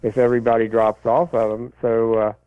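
A man casually answering listener questions about college football, rambling and halting with many fillers and restarts. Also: mid-range voice, flat delivery, clear, resonant tone, dry recording. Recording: tinny phone line, dry.

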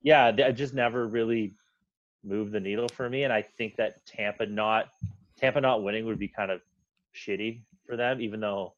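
A man's voice: lowish voice, fairly even intonation, moderate pace, lo-fi sound. A man talking as a guest on a sports podcast, blunt and opinionated, swearing casually.

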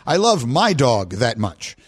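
Speaking slowly in a mid-range voice, this sports radio host at a studio mic spins stories through casual banter. He's animated and frequently breaks into laughter at his own tales.

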